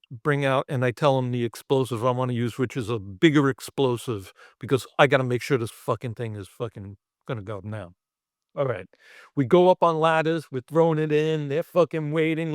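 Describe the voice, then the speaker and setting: Brief: effects-artist guest from Brooklyn, man, raunchy and animated storyteller, slightly high voice, dry close mic. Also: clean tone, dry recording. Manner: profane, animated, acts out other people. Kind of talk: casual storytelling.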